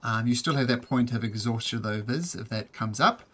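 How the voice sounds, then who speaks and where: A man running a tabletop game as game master, narrating in a relaxed way with many ums and uhs. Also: mid-range voice, moderate pace, a little hiss or hum.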